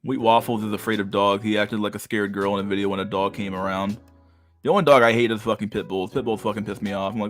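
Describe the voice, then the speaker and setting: Young man, livestream host, low voice, crude, profane, casual chat. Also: fairly even intonation, fast, faint music behind.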